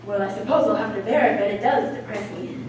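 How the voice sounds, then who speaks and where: A woman's voice: mid-range voice, quick pace, background noise, natural voice. A teenage girl on a school stage playing a vain, glamorous actress who talks in an affected, theatrical way. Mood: arch. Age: teens. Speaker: student stage actor. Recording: echoey stage from far off.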